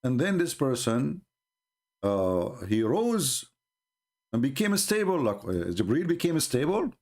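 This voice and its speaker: This is a man with a voice of ordinary middle pitch, giving a live-streamed commentary. He talks in an emphatic, mocking and scornful way. His delivery halts often, with fillers and false starts. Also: very animated, a little mellow. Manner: halting, with frequent fillers and restarts.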